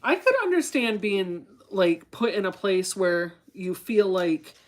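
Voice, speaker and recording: Slow-talking chatty woman sewing on a livestream. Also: mid-range voice, big pitch swings. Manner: chatty, laughs often, reads comments aloud. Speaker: sewing vlogger reading live chat. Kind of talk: casual livestream chat while sewing.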